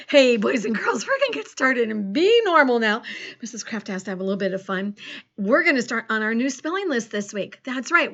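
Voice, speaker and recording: A middle-aged woman teaching an online phonics lesson in a cheerful, animated way, spelling words out letter by letter and adding playful pirate arrs. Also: a little high, muffled recording. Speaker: second grade teacher.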